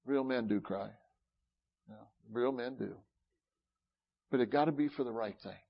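A middle-aged man preaching a sermon, talking with feeling and building to loud, fervent peaks. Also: mid-range voice, measured pace, gravelly, muffled recording.

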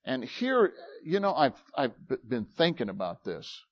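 A man's voice: medium pitch, huge pitch swings, a little slow, dry recording, highs cut off. A man preaching a conversational sermon as pastor, acting out little dialogues and asking rhetorical questions.

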